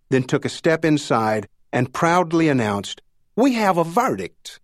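A man narrates a novel for an audiobook, delivering the scripted text in a measured storytelling style. His voice is mid-range, and the recording is dry with clean studio sound.

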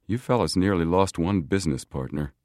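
A man voicing a blunt, quick-tempered seventeen-year-old boy, a little brighter than his narration. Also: deep voice, dry recording, clean studio sound, lightly acted. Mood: earnest.

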